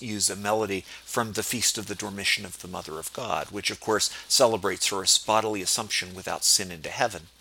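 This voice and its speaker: Bright-voiced man explaining church chant. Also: sits low, creaky, slight background noise, rough recording. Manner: precise, explanatory, quoting liturgical texts. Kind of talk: spoken liturgical chant tutorial.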